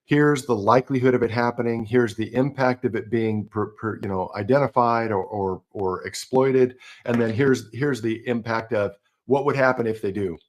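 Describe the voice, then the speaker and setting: A man's voice: medium pitch, normal speed, few pauses. A man hosting a live online talk show, chatting loosely and joking about himself. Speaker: show host. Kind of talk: casual chat.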